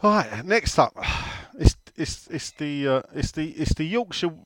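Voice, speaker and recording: Man, animated up-and-down delivery, dry close sound, casual podcast co-host. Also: on the high side, a little slow, no room sound. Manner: chatty, teasing, reads out listener questions. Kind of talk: casual chat.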